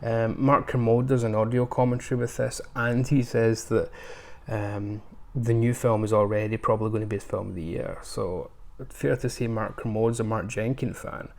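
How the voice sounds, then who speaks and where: Rambling gravelly-voiced man. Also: on the low side, steady tone, moderate pace, few pauses. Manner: rambling, with many ums and restarts. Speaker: film collector reviewing his purchases. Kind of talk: casual unscripted haul review.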